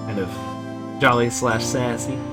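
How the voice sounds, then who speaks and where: A man's voice: mid-range voice, steady tone, measured pace, loud music behind the voice. A man chatting casually while playing through a game, rambling with lots of fillers. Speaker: game streamer voicing all the characters. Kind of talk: casual chat over gameplay.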